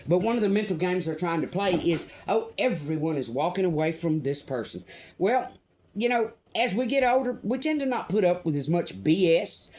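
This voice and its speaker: An older woman from Louisiana ranting to camera as a vlogger, blunt, indignant and profane, with slow emphatic pauses. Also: fairly low pitch, a little mellow, a little hiss or hum. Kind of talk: angry personal rant to camera.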